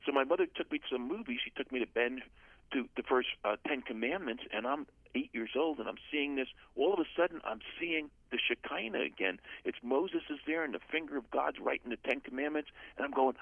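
A man's voice: medium pitch, expressive, brisk, gravelly, no room sound. An older man from the USA, a guest author telling his personal testimony in an earnest, storytelling way. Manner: earnest storyteller, acts out quoted voices. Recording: phone-line audio.

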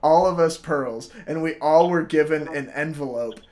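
A man's voice: on the high side, moderate pace, a little mellow. A young man in his twenties telling a story in casual chat, laughing often, swearing and acting out quotes.

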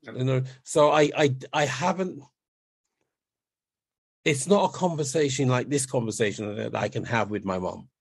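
A middle-aged man speaks as a podcast guest, recorded dry and close. He tells his story steadily, often pausing to check in with "right?". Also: mid-range voice, creaky, husky, no echo. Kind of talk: conversational storytelling.

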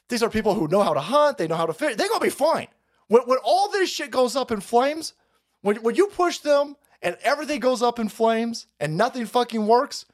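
A man hosting a live stream, delivering a crude, heated rant that swings into loud outbursts and laughter. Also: very high voice. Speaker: show host.

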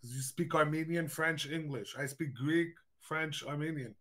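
A man's voice: a little high, moderate pace, a bit bright. A man as a podcast guest in casual chat, slangy and repetitive, calling people "bro". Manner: slangy, repeats himself, says "bro".

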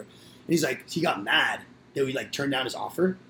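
Fast-talking young man with a gravelly voice. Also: medium pitch, animated, fairly bright tone, a little hiss or hum. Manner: rowdy, profane storytelling with acted-out quotes. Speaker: podcast guest storyteller. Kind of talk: casual chat.

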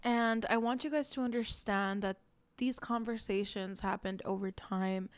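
A woman's voice: mid-range voice, steady tone, moderate pace, smooth, dry recording. A woman in her twenties, a podcast host, telling a personal story in an earnest, reflective way with many casual fillers. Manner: earnest, reflective, frequent "like" and "you know".

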